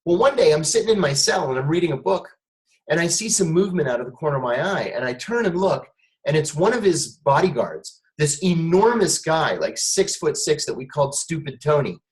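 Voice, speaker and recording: A man's voice: on the high side, a little fast, rough recording. A man being interviewed, telling a long personal story and acting out the voices of the people in it. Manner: animated storyteller, acts out quoted voices. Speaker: guest, former intelligence officer.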